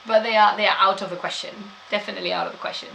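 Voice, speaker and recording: A woman's voice: medium pitch, fairly even intonation, very fast, creaky, background noise. A woman gives a chatty live-streamed history talk, laughing often and answering chat.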